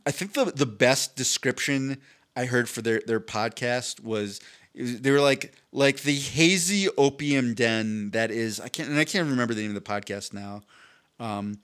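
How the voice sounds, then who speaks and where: A man on a podcast telling a long story in casual chat, rambling and swearing, acting out what people said. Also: mid-range voice. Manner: rambling, animated, swearing, acts out quoted people. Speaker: podcast co-host.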